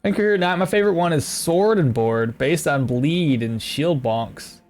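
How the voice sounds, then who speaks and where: A young man talks through his game for a live stream, chatty and rambling as he reads out chat messages. His voice sits a little higher than most men's, and faint music plays behind him. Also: expressive, moderate pace, darkish tone. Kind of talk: casual live-stream commentary.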